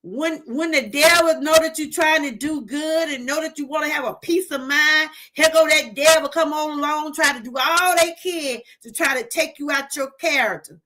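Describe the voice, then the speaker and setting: On her casual livestream, a middle-aged woman from Georgia talks at a normal speed with few pauses, her high voice carrying a sharp tone. She delivers a heartfelt testimony straight to viewers and reads out what comes through the chat.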